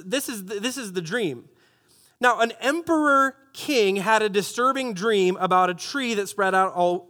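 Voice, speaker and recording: Man, pastor, high voice, sermon with playful asides, church. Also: a bit bright. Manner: joking asides to the congregation.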